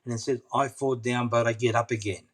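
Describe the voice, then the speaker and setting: A man's voice: medium pitch, fairly even intonation, fairly quick. A middle-aged man, an interview guest, telling a personal story earnestly and often repeating himself. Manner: earnest, persistent, repeats phrases.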